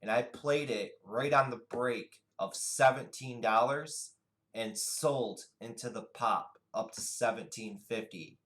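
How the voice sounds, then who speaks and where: A man narrating a stock chart walkthrough, explaining trades in a steady, unhurried way. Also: medium pitch, poor audio. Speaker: day trading educator. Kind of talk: screen-share chart walkthrough.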